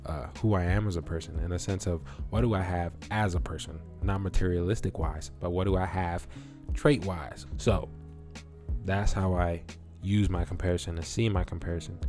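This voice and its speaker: A man's voice: deep voice, fairly even intonation, moderate pace, a little mellow, faint music behind. A man vlogging in a loose, casual way, swearing and acting out his own reactions as he tells a story. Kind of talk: casual talk to camera.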